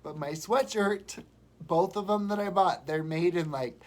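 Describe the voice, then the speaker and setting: A man chatting and rambling warmly on a live stream from home while sick, showing gifts and telling stories. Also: high voice, a little slow. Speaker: vlogger. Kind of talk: casual live-stream chat.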